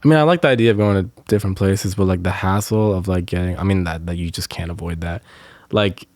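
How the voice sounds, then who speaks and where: A man's voice: low-pitched, fast, darkish tone, dry recording. A young man, a podcast co-host, ranting in casual chat with lots of swearing and filler words. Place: Los Angeles area.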